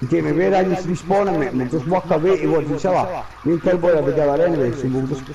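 Guy gaming over a headset, kinda high voice, swearing and yelling callouts, busy chat noise behind. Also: fast, dull audio, a loud crowd. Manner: excitable, swearing, shouting callouts. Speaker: online game player. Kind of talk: excited gaming chat with teammates.

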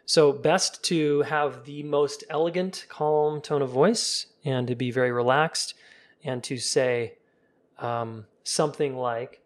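A relationship coach offers casual live-stream advice in a medium-pitched voice at a slightly slow pace. Relaxed and informal, he talks straight to viewers and acts out calm sample dialogue in a soft voice.

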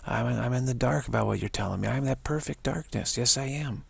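A man's voice: medium pitch, a little fast, gravelly, slightly rough, no room sound. A man giving a spiritual monologue, repeating affirmations over and over and dropping to whispers. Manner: repetitive affirmations, drops to whispers. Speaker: spiritual teacher.

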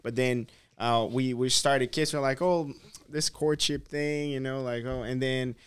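A man in a casual podcast chat, telling a personal story in a relaxed, hesitant way. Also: medium pitch, a little slow, smooth. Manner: relaxed, hesitant, many fillers and restarts. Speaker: podcast host.

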